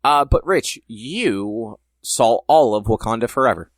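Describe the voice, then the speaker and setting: A man's voice: mid-range voice, expressive, measured pace, no room sound, clean studio sound. A young man co-hosting a podcast, rambling in casual chat and leaning hard on filler words. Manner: rambling, heavy use of "like". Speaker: podcast co-host.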